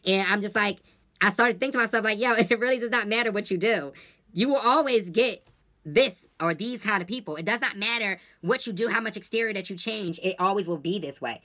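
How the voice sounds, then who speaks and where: A woman's voice: medium pitch, brisk, pushed and bright. A woman vlogger venting casually to her viewers, blunt and profane, telling stories with lots of animation.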